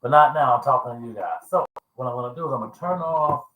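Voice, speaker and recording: Chatty, bright-voiced man in an echoey room. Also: mid-range voice, fast. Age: 50s. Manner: rambling, laughing, chatty, quotes people with coarse language. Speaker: vlogger. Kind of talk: casual storytelling vlog.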